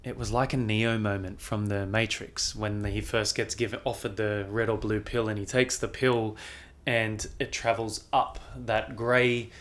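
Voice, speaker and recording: Man, fairly low pitch, young adult, podcast guest, animated storytelling, lots of "like". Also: a little slow, hardly any pauses. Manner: animated, frequent "like" fillers, swears casually. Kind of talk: casual storytelling in conversation.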